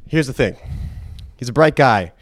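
A man tells a story in a relaxed, conversational way, with his voice at an ordinary middle pitch. He gets animated and acts out the people in the story as he goes. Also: normal speed. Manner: animated, acts out characters with a put-on accent. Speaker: speaker telling a story about a scientist. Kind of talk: casual storytelling talk.

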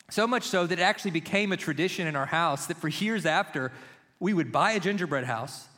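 A middle-aged man giving a sermon, telling a personal story in an animated, self-mocking way with quick asides. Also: high-pitched. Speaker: pastor. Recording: long reverb of a large hall.

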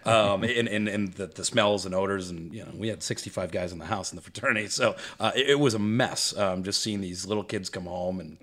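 Male podcast co-host in his thirties, low register, lively casual storyteller. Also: a little fast, few pauses. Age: 30s. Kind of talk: casual chat.

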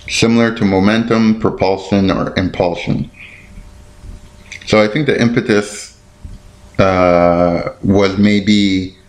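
A man with a lowish voice hosts a casual solo podcast in an echoey room. He rambles and thinks aloud while looking things up, stumbling over his words and apologizing for it in a self-deprecating way.

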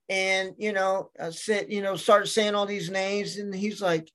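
A man's voice: high voice, fairly even intonation, normal speed, few pauses, fairly bright tone. A man in casual chat, telling rambling stories and acting out what people said. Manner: rambling storyteller, acts out quotes. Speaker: podcast guest.

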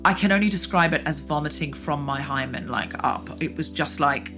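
A woman podcast host telling a personal story in earnest, halting chat. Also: deep voice, fairly bright tone, soft background music. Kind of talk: casual chat.

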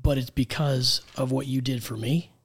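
An American man, a guest executive coach, telling his story in an earnest, measured way. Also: mid-range voice, fairly even intonation, slightly rough. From United States. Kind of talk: conversational interview.

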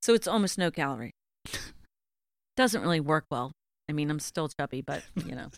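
A woman's voice: sits low, expressive, moderate pace, vocal fry, no echo, clean studio sound. Laughing woman with a Philly accent. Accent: Philadelphia. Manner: self-mocking, laughs often. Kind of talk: casual chat.

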